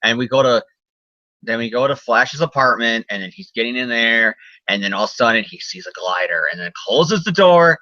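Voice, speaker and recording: Bright, jokey man recapping comics. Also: medium pitch, animated, fairly quick, no echo, muffled recording. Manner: jokey, drops into silly voices and swears. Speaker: podcast co-host recapping comics. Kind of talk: casual comic podcast chat.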